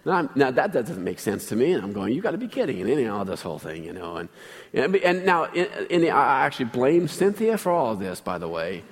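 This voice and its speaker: A man's voice: medium pitch, very animated, brisk, long reverb tail. A man preaching a sermon as pastor, telling a personal story in a chatty way and asking the congregation questions.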